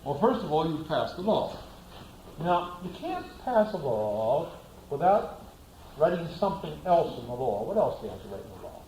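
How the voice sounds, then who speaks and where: A man's voice: fairly high pitch, sing-song, moderate pace, warm tone, reverberant, poor audio. A man giving a classroom lecture, asking the class rhetorical questions and acting out little scenes.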